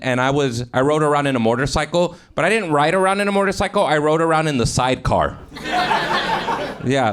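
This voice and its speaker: A man doing improvised stand-up on a comedy club stage, swearing a lot and laughing at his own jokes. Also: fairly high pitch. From Mexican-American. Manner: profane, laughing, self-mocking banter with the crowd. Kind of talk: improvised stand-up from audience suggestions. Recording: live stage recording with noise.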